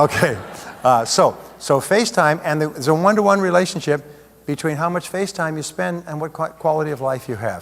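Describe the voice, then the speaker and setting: A man's voice: fairly high pitch, slight background noise. A man giving a live seminar talk as a motivational speaker, conversational, with plenty of rhetorical questions. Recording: long hall reverb.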